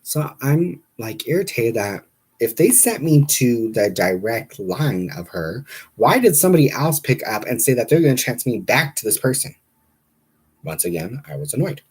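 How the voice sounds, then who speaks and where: Husky-voiced man telling a story. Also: mid-range voice, normal speed. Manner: animated, exasperated, talks to viewers directly. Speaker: livestream host. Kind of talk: casual storytelling on a live stream.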